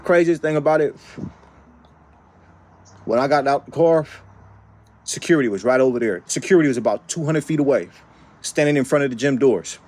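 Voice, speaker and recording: A man from the Bay Area telling a personal story in an animated, emphatic way, with frequent tag questions and repeated phrases. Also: medium pitch, a little fast, pauses often. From San Francisco Bay Area. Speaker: vlogger. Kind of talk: casual storytelling.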